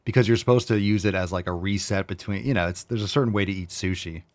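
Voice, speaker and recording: A man's voice: fairly low pitch, fast talker. A man hosting a podcast in casual chat, rambling, jokey and full of profanity. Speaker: podcast host.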